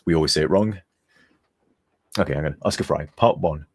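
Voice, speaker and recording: A man's voice: a bass voice, a little fast, breathy edge. A tired man streaming as a game modder, rambling and chuckling as he reads chat aloud, sometimes turned away from his desk mic. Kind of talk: casual live-stream chat.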